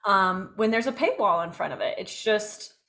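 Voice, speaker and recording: Animated woman podcast co-host. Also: mid-range voice, normal speed. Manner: animated, emphatic, uses "like" and "um". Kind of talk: casual podcast chat.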